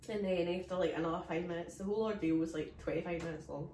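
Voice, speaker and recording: A Scottish woman co-hosting a comedy podcast, telling a story in a casual, animated way and acting out the voices of the people in it. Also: fairly low pitch, very fast, slight background noise. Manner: acts out quoted voices, animated. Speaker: podcast co-host. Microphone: phone. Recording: echoey room, distant phone mic.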